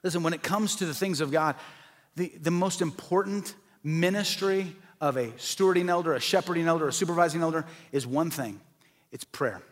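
A man's voice: fairly high pitch, brisk. A man preaching a sermon as pastor, earnest and building to passionate emphasis. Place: church sanctuary. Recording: long hall reverb.

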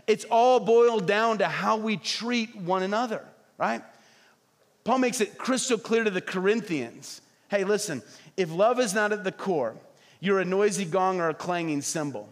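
A middle-aged man preaching a sermon as pastor, animated, often acting out quoted voices. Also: high voice, moderate pace. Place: church hall. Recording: reverberant hall.

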